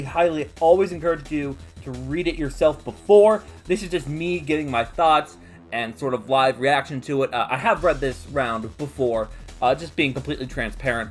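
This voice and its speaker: A man hosting a casual manga recap, chatty and animated with laughing asides. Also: on the high side. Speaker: host.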